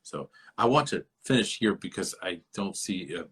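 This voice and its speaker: A man's voice: low-pitched, expressive, normal speed, a bit bright, husky. A man hosting a podcast, musing at length in a rambling, lecturing way about a book, repeating himself as he thinks aloud over a remote call. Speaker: podcast host. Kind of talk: rambling literary discussion.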